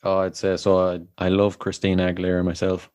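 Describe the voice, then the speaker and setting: A man's voice: sits low, completely flat delivery, fast, a little mellow, smooth, dry recording, studio quality. A man hosting a podcast, laid-back, laughing along and giving short replies while asking questions. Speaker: podcast host. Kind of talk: casual interview chat.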